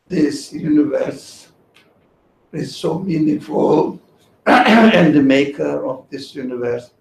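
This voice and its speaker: A high, lively male voice explains religious ideas slowly, reasoning aloud through everyday examples. He sounds mellow and patient. The recording is echoey, with a faint background hiss. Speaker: religious teacher. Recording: echoey room with faint noise.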